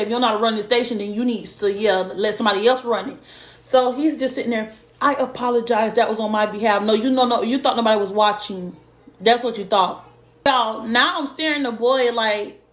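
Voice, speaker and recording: A woman's voice: a little high, fairly bright tone. A woman vlogger and parent heatedly retelling a school incident to her viewers in a casual storytime. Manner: heated, indignant retelling with lots of direct address. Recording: echoey room.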